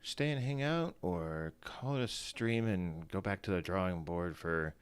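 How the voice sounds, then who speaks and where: Low-voiced man rambling on a morning stream. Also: a little slow, clean tone. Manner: rambling, self-deprecating, many fillers and restarts. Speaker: fantasy football streamer. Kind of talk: casual solo livestream chat.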